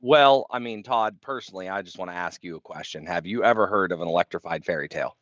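Man, podcast co-host, lowish voice, laughs a lot, dull dry lo-fi sound. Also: fast, a bit bright, dry recording. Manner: laughing, playful, rambling. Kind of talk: casual chat.

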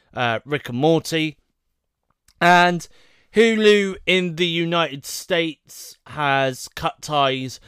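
A male vlogger talks on his own in a loose, rambling way, thinking aloud and second-guessing himself as he goes. His voice sits a little high and sounds smooth and clear, recorded dry with no room echo. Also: fairly bright tone. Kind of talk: casual solo chat to camera.

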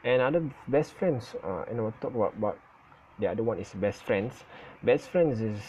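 A man whose first language is Malay, giving his opinion in casual talk on his channel, halting and stuttering and often correcting himself. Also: mid-range voice, lively intonation, a little mellow, slight background noise, rough recording. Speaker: vlogger. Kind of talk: casual spoken opinion recording.

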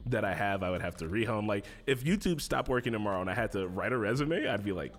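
A man's voice: fairly low pitch, animated, quick pace, soft background music. A young man, a podcast guest in casual interview chat, laid-back and jokey with many fillers.

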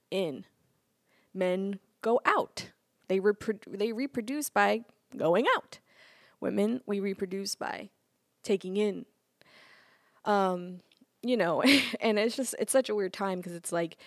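Woman podcast host, casual solo talk, lively and jokey, mid-range voice, dry close mic. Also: mid-range voice, no room sound. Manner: animated, laughs often, playful mock quotes.

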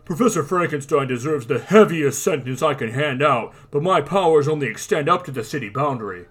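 A man's voice: a little high, expressive, brisk, husky. Brief: man as a stern lawman, firm and declaiming, raised voice. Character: stern male lawman barking orders.

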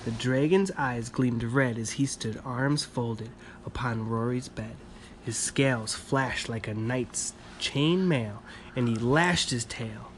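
Man calmly reading a bedtime story. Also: medium pitch, slow pace, slight background noise. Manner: calm, even reading with asides to the child. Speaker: reader reading to a child. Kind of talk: bedtime story read-aloud.

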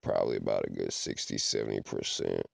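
A man's voice: a bass voice, fairly even intonation, fast, gravelly, no room sound, clean studio sound. A man hosting a podcast, talking casually in a rambling way and often checking in with "you know what I'm saying". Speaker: podcast host. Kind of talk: casual monologue.

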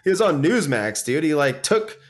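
A man's voice: a little high, very animated, moderate pace. Profane ranting podcast guy. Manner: profane, ranting, mocking impressions. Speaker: podcast co-host. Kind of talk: casual chat.

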